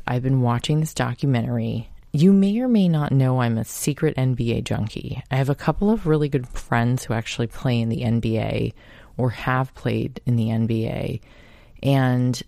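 A woman's voice: extremely low pitch, creaky, mellow, no echo, clean studio sound. A woman in her thirties hosting a podcast, telling a personal story in a chatty, laughing, casual way. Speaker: podcast host.

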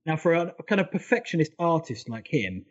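A man co-hosting a casual football podcast, talking quickly and eagerly through detailed points. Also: a little high, sing-song, muffled recording. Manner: fast, enthusiastic, detailed storytelling. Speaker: podcast co-host.

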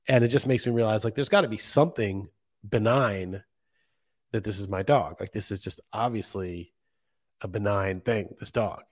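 A man's voice: lowish voice, darkish tone. A man hosting a casual solo podcast, congested from a cold, rambling reflectively with fillers and restarts. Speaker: podcast host.

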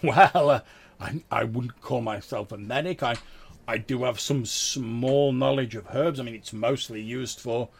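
A man's voice: mid-range voice, unhurried, gravelly, a little hiss or hum. A man voicing a friendly, chubby village vicar who talks in a kindly, flustered, eager way.

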